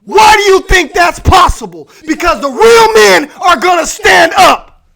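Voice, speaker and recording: High-pitched man ranting, shouting. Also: lively intonation, measured pace, creaky. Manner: aggressive profane shouting rant. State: hoarse, losing his voice. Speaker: live stream host. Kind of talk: ranting live stream. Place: home man cave.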